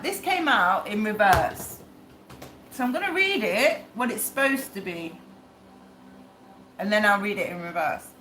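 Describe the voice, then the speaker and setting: A woman's voice: a little high, bright, forceful tone, a little hiss or hum. A woman reading tarot on a livestream, talking bluntly and swearing as she rambles to herself. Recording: echoey room with faint ambience.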